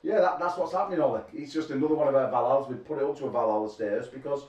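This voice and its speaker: A man's voice: medium pitch, rapid-fire, darkish tone, highs cut off. A middle-aged man, an arm wrestling promoter bantering at a press conference, rambling and telling crude jokes with frequent laughter. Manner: rambling, crude joking storyteller who laughs often. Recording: echoey room from a distance.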